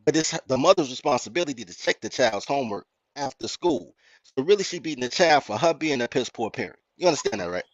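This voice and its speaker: A man with a Chicago accent, hosting a podcast and telling a story in a blunt, profane, animated rant. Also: medium pitch, quick pace, no room sound. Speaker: podcast host. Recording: dry, muffled lo-fi audio.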